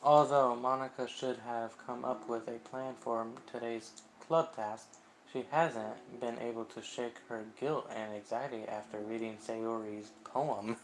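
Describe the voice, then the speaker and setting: A man streaming a visual novel game, reading the narration aloud and reacting live, unhurried and quick to swear when surprised. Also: mid-range voice, steady tone, slight background noise.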